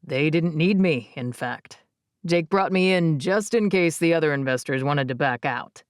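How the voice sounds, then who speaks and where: A woman voicing an earnest young man proposing, speaking low and softly in an audiobook. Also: lively intonation, normal speed, dry recording, clean studio sound. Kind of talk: audiobook character reading. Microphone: close studio mic, dry.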